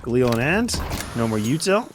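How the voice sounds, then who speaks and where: A man giving quick, analytical color commentary on a competitive shooter match, chatty with frequent restarts. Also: mid-range voice, sing-song, slight background noise. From Canada.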